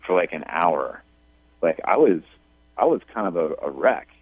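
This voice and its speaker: A man calling in to a radio show, talking in a halting way with many restarts. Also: low voice, sing-song, breathy edge, no room sound. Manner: halting, full of restarts and fillers. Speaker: caller. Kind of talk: radio call-in conversation. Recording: tinny phone line.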